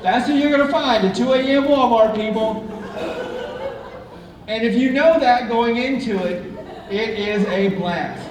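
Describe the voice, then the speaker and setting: High-pitched guy doing a stand-up set, booming theatre echo, room hum behind. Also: unhurried, long pauses. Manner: chatty, self-mocking storytelling. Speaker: stand-up comedian. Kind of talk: live stand-up routine. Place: theatre stage. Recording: echoey theatre from far off.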